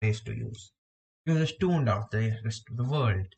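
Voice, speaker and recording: A man's voice: on the low side, lively intonation, moderate pace, gravelly, darkish tone, faint music behind. A man on a live stream who repeats phrases from an English lesson aloud and adds chatty asides.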